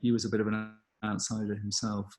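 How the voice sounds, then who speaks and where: A man's voice: fairly low pitch, monotone, a little fast, darkish tone. Earnest man, gallery director. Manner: earnest appeal, thoughtful with frequent ums. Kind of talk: live online Q&A talk.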